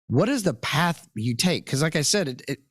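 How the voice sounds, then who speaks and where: A man's voice: on the high side, sing-song, moderate pace, husky, no room sound, studio quality. A man co-hosting a podcast, asking questions in casual chat, blunt and swearing lightly. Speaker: podcast co-host.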